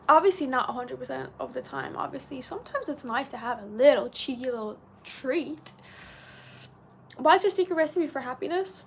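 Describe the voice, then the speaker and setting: A high-pitched woman chatters her way through a casual live stream. She is bubbly and friendly, and her words tumble out fast as she answers viewer comments. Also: lively intonation, a little hiss or hum. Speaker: livestream host.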